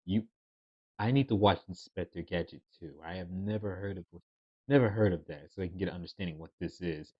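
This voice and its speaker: A man's voice: sits low, brisk, husky, dry recording. A man casually commenting on videos, rambling and hesitant with many restarts. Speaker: reaction video host. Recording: dry, dull lo-fi sound.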